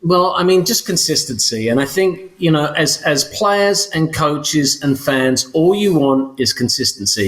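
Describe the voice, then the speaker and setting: A man's voice: a little high, expressive, a little slow, hardly any pauses, fairly bright tone. An English man co-hosting a soccer podcast, talking casually with many fillers and restarts. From England. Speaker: co-host.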